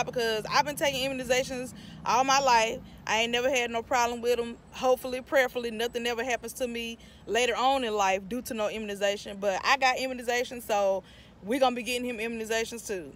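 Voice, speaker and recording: A woman's voice: fairly high pitch, a bit bright, a little hiss or hum. A woman in her thirties with a North Carolina accent, vlogging chattily to her phone from her car and a store while venting her irritation. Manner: talkative, irritated venting, addresses viewers as y'all. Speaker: mom vlogger. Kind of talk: chatty vlog talk to camera. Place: parked car, then inside a store.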